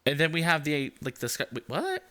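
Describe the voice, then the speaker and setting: A young man giving casual gameplay commentary, rambling with lots of fillers and keeping his voice deliberately high. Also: huge pitch swings, bright, forceful tone. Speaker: game channel host.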